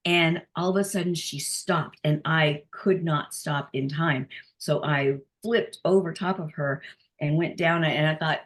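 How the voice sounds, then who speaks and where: A middle-aged woman, a healing practitioner, telling personal stories in a casual group chat, animated and laughing often, with many restarts. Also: deep voice, measured pace.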